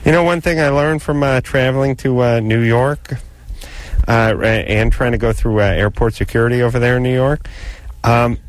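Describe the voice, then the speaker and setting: A man at mid pitch talks in a rambling, sardonic way, co-hosting a call-in radio show. His voice is close and dry, with no room sound. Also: fairly even intonation, normal speed, no room sound. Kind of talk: casual radio chat.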